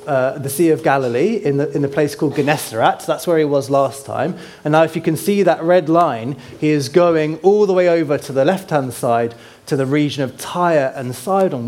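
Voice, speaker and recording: A man's voice: fairly high pitch, darkish tone. Man preaching a conversational sermon. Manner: conversational, asks the congregation questions; points to a map while teaching.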